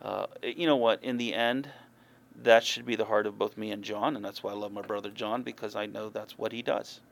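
A man's voice: fairly low pitch, fairly even intonation, fairly quick, gravelly. A man preaching a sermon in an earnest, conversational way, with folksy asides. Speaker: pastor.

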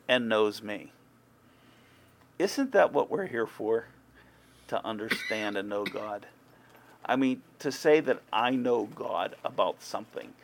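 Man, pastor, informal sermon, gravelly, conversational, emphatic. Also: mid-range voice. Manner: conversational, gets heated and emphatic.

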